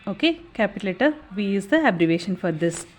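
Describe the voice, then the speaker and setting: A woman's voice: medium pitch, very animated, fast. A young woman teaching an exam revision lesson, explaining step by step and checking in with a frequent "okay".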